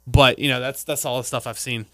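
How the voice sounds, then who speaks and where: A man's voice: medium pitch, pushed and bright, dry recording, clean studio sound. A man co-hosting a casual podcast, rambling and laughing as he retells scenes. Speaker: podcast co-host. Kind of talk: casual chat.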